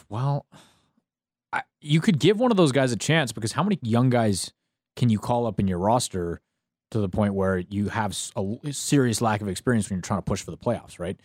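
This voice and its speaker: A man's voice: lowish voice, moderate pace, a little mellow, dry recording, clean studio sound. A man co-hosting sports radio, thinking aloud in casual chat and checking in with "right?". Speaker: radio show co-host.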